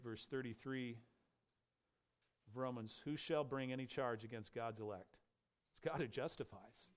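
A man preaching a sermon with emphatic stress, raising his voice for questions and dropping low on key words. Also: clean tone.

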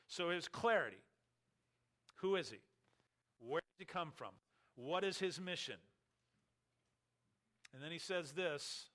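A man's voice: a little high, lively intonation, measured pace, long pauses, sharp tone. A man preaching an expository sermon as a pastor, emphatic and full of rhetorical questions.

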